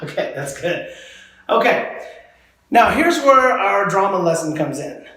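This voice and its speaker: A man teaches a children's drama class, leading each warm-up at an unhurried pace and praising the students as they go. His voice sits a little high for a man. The recording rings with heavy echo from the room. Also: big pitch swings. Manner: encouraging, models each drill for students to repeat. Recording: very echoey room.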